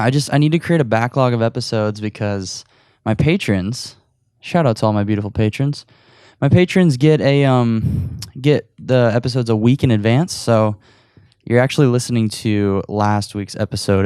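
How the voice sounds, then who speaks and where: A man's voice: mid-range voice, darkish tone, clear, resonant tone, dry recording, studio quality. A man hosting his own podcast, chatting casually and laughing at himself, a bit out of breath, recorded in his room at home. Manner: chatty and self-deprecating, laughing often. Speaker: podcast host. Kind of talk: casual solo podcast while gaming.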